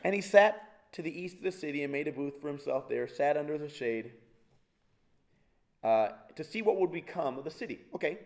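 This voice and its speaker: A man preaching a sermon in a relaxed, conversational way, with a voice pitched somewhat high for a man. He keeps putting rhetorical questions to the congregation and drops in jokey asides. He often stumbles over and restarts his sentences. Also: normal speed.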